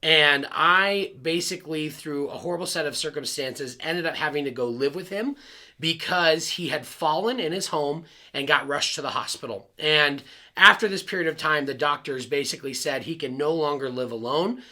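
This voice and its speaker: A man's voice: a little high, moderate pace, bright, forceful tone. A man, a pastor, telling a personal story in an earnest, confiding way and speaking straight to his listeners. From Arizona.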